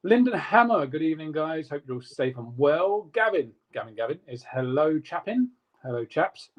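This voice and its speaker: A man co-hosting a casual live stream, reading out viewer comments in a quick, jokey way. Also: a little high, big pitch swings, lo-fi sound. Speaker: co-host reading live chat.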